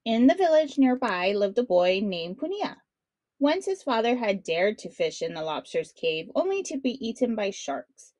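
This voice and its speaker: A woman's voice: fairly high pitch, dry recording. Woman reading a children's story aloud. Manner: bright, friendly storytelling to children. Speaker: storybook reader. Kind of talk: children's read-along narration.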